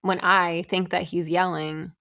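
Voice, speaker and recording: Woman, 30s, podcast co-host; low, gravelly voice, chatty storyteller. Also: level tone, a little slow, pushed and bright. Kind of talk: casual chat.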